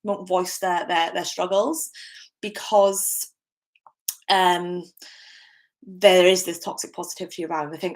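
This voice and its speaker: A woman's voice: fairly low pitch, fairly even intonation, measured pace, long pauses. A young British woman giving a candid, chatty solo podcast talk, with frequent fillers and restarts. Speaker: podcast host.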